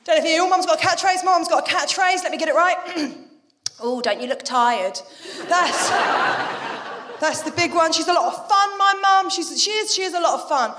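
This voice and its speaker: A young adult woman doing live stand-up, telling stories quickly and animatedly with swearing and asides. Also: very high voice, pushed and bright, big-room sound. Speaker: stand-up comedian.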